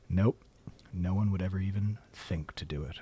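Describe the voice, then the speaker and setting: A man's voice: low-pitched, mellow, breathy edge. A man streaming a game, rambling wryly to fill dead air into a studio microphone. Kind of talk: casual livestream chat. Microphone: studio mic.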